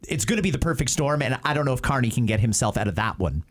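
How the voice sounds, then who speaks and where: A man's voice: mid-range voice, animated, racing. A man from Canada hosting a talk show, giving passionate, emphatic political commentary. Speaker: show host. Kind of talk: opinionated talk show discussion.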